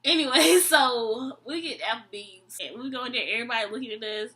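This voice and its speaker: Young woman, storytime vlogger, bright and high, slangy and dry, acts out every line of dialogue. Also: a little fast. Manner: animated, acts out both sides of the dialogue. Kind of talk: storytime vlog.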